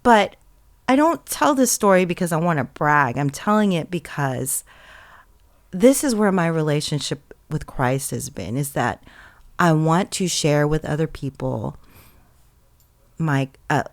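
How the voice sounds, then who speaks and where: Low, gravelly-voiced woman telling a story. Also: expressive, unhurried, no room sound. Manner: storytelling, acts out others' lines in quotes. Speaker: podcast co-host. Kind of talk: personal faith testimony in casual chat.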